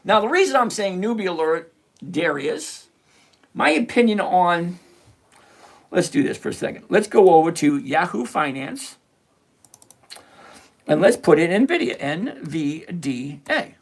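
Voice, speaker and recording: The man's high, sing-song voice is unhurried and creaky, broken by long pauses. He hosts a live stream picking stocks at his computer, reviewing charts and explaining numbers like a chatty teacher, blunt and sarcastic throughout.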